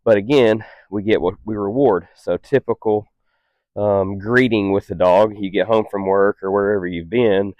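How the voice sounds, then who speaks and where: A calm, patient man training a dog, with a fairly low voice. His explanations stay steady and unhurried, broken up by short, stern commands. The sound is dry and close. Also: no room sound. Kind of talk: instructional demonstration.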